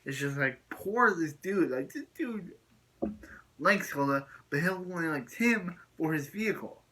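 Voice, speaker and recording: A man's voice: on the high side, normal speed, bright, forceful tone, rough recording. A man giving a casual, rambling spoken recap of a TV episode as a video reviewer, often repeating and restarting his phrases.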